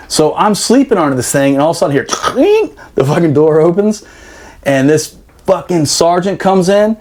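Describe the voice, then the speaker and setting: Animated man telling a rowdy story. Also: on the high side, moderate pace. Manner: animated, swearing, laughing, acting out quotes. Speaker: podcast guest telling a story. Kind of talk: casual storytelling.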